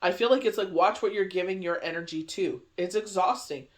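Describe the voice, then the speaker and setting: A man's voice: high voice, fairly quick. A man giving a casual daily tarot reading, rambling and chatty with lots of conversational fillers. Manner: rambling, chatty, heavy on "you know" fillers. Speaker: tarot reader.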